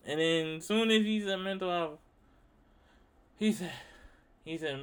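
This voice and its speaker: Bright, clear-voiced profane young man. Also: high-pitched, unhurried. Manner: profane, rambling, animated storytelling. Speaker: podcast host. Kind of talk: casual monologue.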